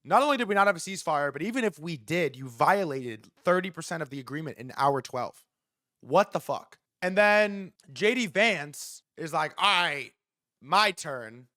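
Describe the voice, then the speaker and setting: Young guy streamer ranting, swears a lot, voice jumps all over, kinda high, dry close mic. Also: brisk, few pauses, no echo. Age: young adult. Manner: animated, profane, acts out quoted figures. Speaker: livestream host. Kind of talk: casual commentary rant.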